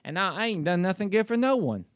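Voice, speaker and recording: A man's voice: high-pitched, animated, fast, smooth, no room sound. Candid self-critical man telling a story. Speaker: podcast co-host. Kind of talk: casual chat.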